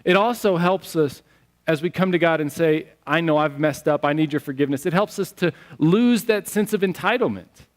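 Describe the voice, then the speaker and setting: A man preaching a sermon as pastor, telling stories in an animated, conversational way. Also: a little high, moderate pace. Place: church sanctuary. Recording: long church hall reverb.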